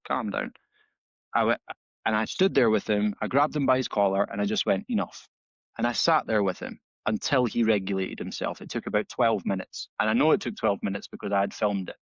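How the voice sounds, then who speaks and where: A man, a dog trainer guest on a podcast, telling stories in a casual, animated way and acting out the dialogue with many restarts. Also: on the low side, dry recording. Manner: animated storytelling, acts out dialogue with frequent restarts. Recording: slightly dull, dry audio.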